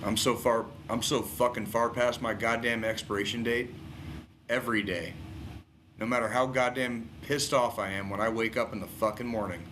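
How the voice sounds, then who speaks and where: Profane, impassioned man, bright voice. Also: medium pitch, a little hiss or hum. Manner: heavily profane, raw and emotional. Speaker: podcast co-host. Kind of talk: impassioned podcast monologue.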